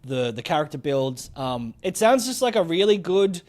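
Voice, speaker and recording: Upbeat, higher-voiced co-host. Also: male voice, sing-song, normal speed, darkish tone. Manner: upbeat, many fillers, enthusiastic. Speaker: podcast co-host. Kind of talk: casual chat.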